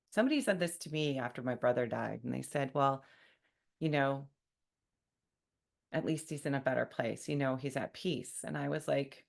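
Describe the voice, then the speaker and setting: A woman's voice: very deep voice, normal speed, vocal fry. A woman hosting a solo podcast, talking in a wry, conversational way and mock-quoting what people say. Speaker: podcast host.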